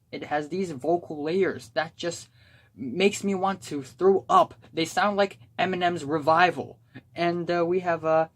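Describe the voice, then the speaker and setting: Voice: medium pitch, a bit bright. A young adult album reviewer giving a casual spoken review, talking in a blunt, exasperated rant.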